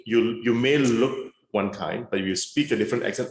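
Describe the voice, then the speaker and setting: A man's voice: fairly low pitch, fairly quick, reverberant. A man speaking frankly with dry humour as a guest on a video-call panel. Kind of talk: conversational panel talk.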